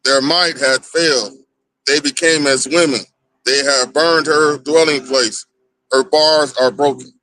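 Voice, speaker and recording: A man reading scripture aloud in a slow, measured way during a group talk. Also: on the high side, fairly even intonation, bright, forceful tone, low-quality recording.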